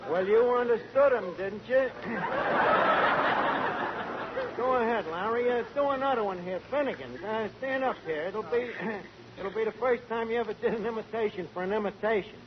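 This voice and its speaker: An actor playing a brash, fast-talking tavern manager in a 1940s radio comedy, mangling his grammar. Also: sits high, a loud crowd, close to an everyday voice. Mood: wisecracking. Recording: hissy lo-fi old radio broadcast.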